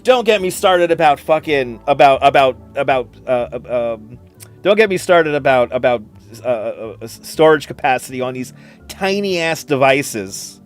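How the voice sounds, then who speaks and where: A man's voice: mid-range voice, animated, moderate pace, faint music behind. A middle-aged man with a New York accent hosting a casual live stream, chatting with viewers, repeating himself and laughing often. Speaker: livestream host. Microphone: computer streaming setup.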